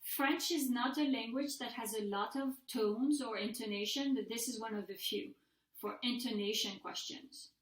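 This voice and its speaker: Slightly high-voiced woman teaching a language. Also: moderate pace. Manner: patient, methodical, models example sentences aloud. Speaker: French language instructor. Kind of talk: recorded mini-lecture. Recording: echoey room.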